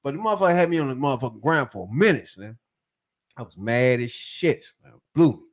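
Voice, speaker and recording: A man's voice: medium pitch, brisk. A man hosting a podcast, telling stories in casual chat and acting out the voices. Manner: animated, laughing, acts out voices in stories. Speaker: podcast host.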